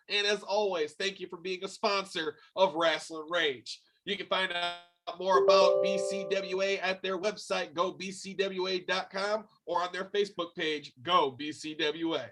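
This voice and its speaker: A man's voice: sits high, fairly even intonation, moderate pace, over music. A man co-hosting a casual wrestling talk show, chatting and thanking a sponsor. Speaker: podcast co-host. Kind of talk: casual chat.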